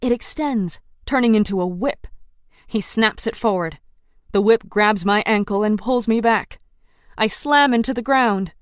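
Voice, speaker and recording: A woman's voice: medium pitch, unhurried, clean tone, no echo. A woman reading a first-person audiobook with tense, dramatic delivery. Her voice sits in a middle range. The recording is dry and close. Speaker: audiobook narrator.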